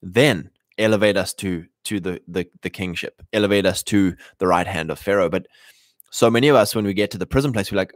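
A man with a fairly low voice talks through a loose, rambling monologue, restarting his sentences and slipping into mocking voices. The sound is dry and close, with no room around it. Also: quick pace, no echo. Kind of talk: casual monologue.

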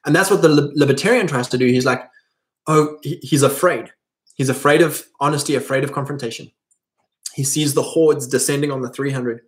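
A man's voice: medium pitch, brisk. Man, video host, blunt provocative monologue, preachy, mid-range voice. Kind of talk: monologue to camera.

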